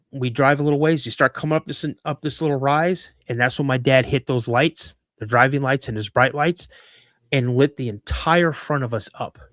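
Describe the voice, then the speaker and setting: Animated storyteller man in his fifties. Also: medium pitch, no room sound. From Washington State. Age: 50s. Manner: animated storyteller who acts out quoted dialogue; repeats and restarts words mid-sentence. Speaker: guest, cryptid researcher. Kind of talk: personal story told in conversation.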